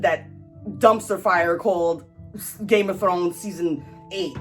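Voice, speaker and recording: A woman's voice: on the low side, fairly even intonation, slow, soft background music. A woman vlogger ranting in angry, emphatic commentary, stretching out words for stress.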